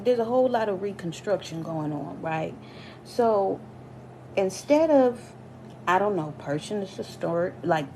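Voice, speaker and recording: A woman vlogger telling a casual storytime rant, animated and profane, her voice jumping high and loud when she gets worked up. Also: slight background noise, rough recording.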